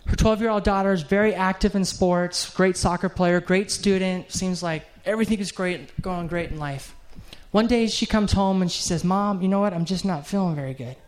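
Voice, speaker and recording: A man's voice: high voice, normal speed, few pauses. Earnest middle-aged male preacher. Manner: earnest, heartfelt storytelling. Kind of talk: sermon with storytelling and prayer.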